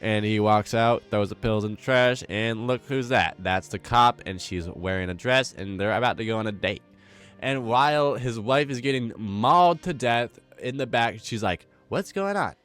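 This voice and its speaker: A man's voice: on the low side, normal speed, fairly bright tone, smooth, soft background music. A young man giving a casual, rambling, wisecracking recap commentary, full of slang. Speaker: commentary host.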